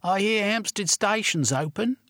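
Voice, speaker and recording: A man voicing a high, earnest runaway orphan boy. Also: animated, a little slow, fairly bright tone, dry recording, studio quality, heavily acted. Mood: pleading. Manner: earnest, pleading, ungrammatical street speech. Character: boy, young runaway orphan, cockney-tongued.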